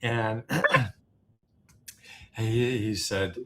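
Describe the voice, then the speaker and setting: A man with a fairly low voice tells a story as an interview guest, casual and anecdotal. He stumbles through fillers and restarts but stays animated. A faint hum sits under the recording. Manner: halting, many fillers and restarts. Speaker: interview guest, business founder.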